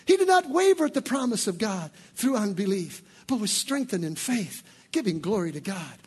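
A male pastor preaches with a very high, husky voice. He swings from shouted, fervent lines down to quiet, chatty asides with his congregation. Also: sing-song, normal speed. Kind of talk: sermon.

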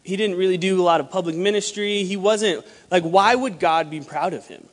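A young man preaching a sermon to a church, animated, acting out dialogue in lowered voices. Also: a little fast. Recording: long hall reverb.

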